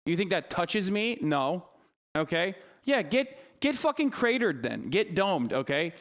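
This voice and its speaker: A man's voice: high-pitched, very animated, unhurried, fairly bright tone. A man streaming live, ranting heatedly about politics, cursing freely and answering his chat. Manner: heated, profane, argumentative. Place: streaming studio.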